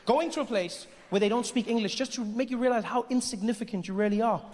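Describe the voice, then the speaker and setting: A man's voice: very high voice, fast. Man doing stand-up in a big hall. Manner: animated, acts out characters with shifting voices. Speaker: stand-up comedian. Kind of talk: stand-up comedy routine. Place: large theater with live audience. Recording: live hall recording with audience.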